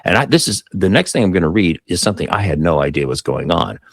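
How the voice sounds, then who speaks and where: A man's voice: low voice, sing-song, fast talker, creaky, no echo, studio quality. A man co-hosting a casual tech talk show, reading articles aloud and reacting with amused asides. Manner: reads headlines then reacts with amused asides and chuckles. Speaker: co-host.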